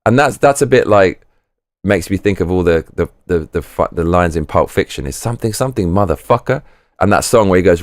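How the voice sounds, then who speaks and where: Rambling and profane, a man hosting a live chat stream keeps restarting his thoughts. His voice sits low and moves fairly quickly, captured in a dry, clean studio recording.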